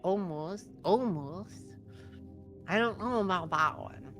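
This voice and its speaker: A woman's voice: fairly low pitch, takes it slowly, faint music behind. A woman co-streaming a game, casually chatting and mock-scolding the chat with playful swearing. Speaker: co-op streaming guest.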